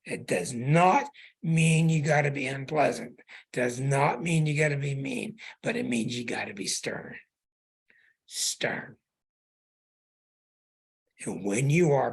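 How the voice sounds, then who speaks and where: In a call-in chart reading, the male host's husky, somewhat rough voice swings widely in pitch as he pushes his points. He talks plainly and says things more than once to stress them.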